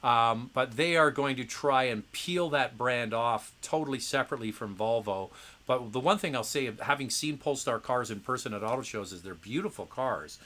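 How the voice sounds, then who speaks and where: A middle-aged man hosts a casual live question-and-answer stream. His voice sits at an ordinary pitch but sounds bright and forceful. He talks in a chatty, opinionated way, often restarting sentences with "uh" and "um.". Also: moderate pace. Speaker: host answering viewer questions. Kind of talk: casual livestream Q&A.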